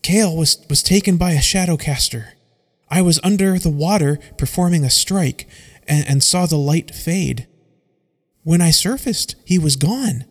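A frightened young warrior girl from a storybook, as a man puts her on, pitched high and stumbling over her words between gasps. Her voice keeps a gravelly grain, and it rings with a long hall reverb. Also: measured pace. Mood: breathless. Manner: shaky, stammering, out of breath. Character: young female warrior trainee, panicky, breathless.

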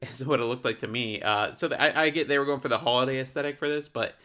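A man's voice: medium pitch, fast talker, pushed and bright. A man hosting a casual podcast, rambling and sarcastic as he walks through a bad movie, a bit tipsy. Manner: rambling, sarcastic, laughs often. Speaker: podcast host reviewing a movie. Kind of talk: casual chat.

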